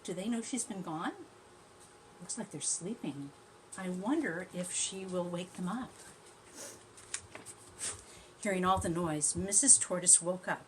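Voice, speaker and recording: A woman teacher reading a storybook aloud to young children, gently chatty and asking them questions as she goes. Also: medium pitch, slight background noise.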